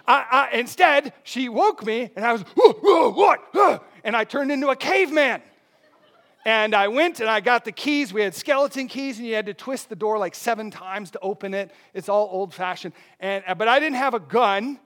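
A man in his thirties delivers a sermon with a high, light voice. He tells stories with energy and swings between quiet asides and loud emphatic bursts. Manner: animated storytelling with laughs and sudden shouts. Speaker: pastor. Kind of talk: sermon with personal story.

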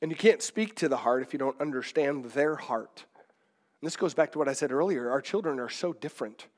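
A man's voice: medium pitch, lively intonation, brisk. A middle-aged man, a pastor, preaching a sermon in a conversational, digressive way with many restarts.

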